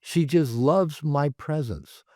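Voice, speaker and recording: A man, a therapist and author, telling stories in a casual interview, rambling and animated with many fillers. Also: on the high side, takes it slowly, dry recording, clean studio sound. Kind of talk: casual conversational storytelling. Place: his home.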